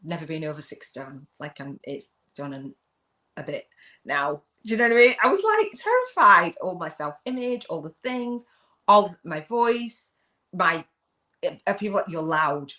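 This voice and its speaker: Hosting a live video chat, this middle-aged spiritual business coach from England speaks at normal speed in a lowish, very animated voice. She's loud and gushing and laughs often.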